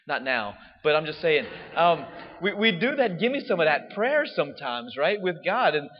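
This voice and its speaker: A man's voice: on the high side, big-room sound, muffled recording. A man, a priest giving a casual homily, chatty and laughing as he tells stories. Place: church.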